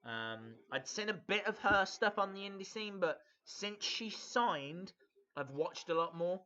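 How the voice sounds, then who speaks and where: A man hosting a casual live reaction stream, his voice bright and forward but captured with a dull, lo-fi sound. He rambles along with plenty of ums and uhs, greeting viewers and answering their comments as he goes. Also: high-pitched, expressive, a little slow. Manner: rambling, hesitant, many fillers, reads out viewer comments.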